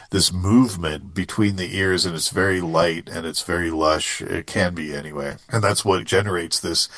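A man's voice: low voice, fairly bright tone, dry recording, clean studio sound. A man co-hosting a podcast, explaining a technical audio point step by step. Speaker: podcast co-host. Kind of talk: casual explanation.

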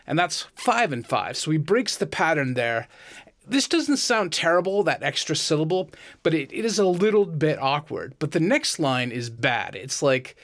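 A man's voice: a little high, expressive, normal speed, fairly bright tone. Man methodically counting lyric syllables. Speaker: podcast co-host critiquing song lyrics. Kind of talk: analytical casual discussion.

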